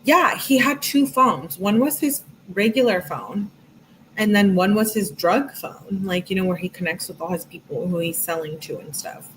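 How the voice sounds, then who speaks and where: A woman's voice: medium pitch, expressive, normal speed, fairly bright tone, slight background noise, poor audio. A woman reading text messages aloud in a casual, sarcastic way, adding her own asides. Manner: casual, sarcastic asides, reads with rising emphasis. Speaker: true crime commentator.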